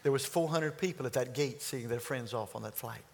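Gravelly-voiced preacher in his sixties. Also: mid-range voice, brisk, darkish tone. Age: 60s. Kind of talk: sermon storytelling.

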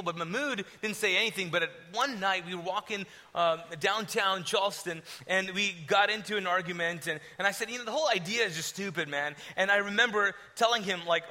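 High bright-voiced man from Kuwait. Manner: animated, acts out his own past dialogue, swings between loud and hushed. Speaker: speaker sharing a testimony. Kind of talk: storytelling testimony to a live audience. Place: stage before a crowd.

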